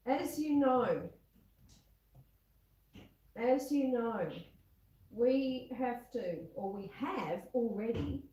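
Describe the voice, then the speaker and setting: A woman's voice: on the high side, warm tone, echoey room. A woman hosting a home baking livestream, chatting casually and reading out viewers' comments while she bakes, calling people love and sweetheart. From Australia. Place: home kitchen.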